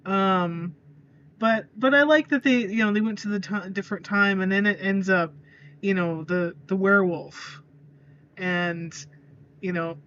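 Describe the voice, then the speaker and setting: A woman's voice: mid-range voice, a little slow, a bit bright, clear, resonant tone, muffled recording. A woman chatting as a podcast guest, hesitant, with many fillers and small giggles. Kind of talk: casual chat.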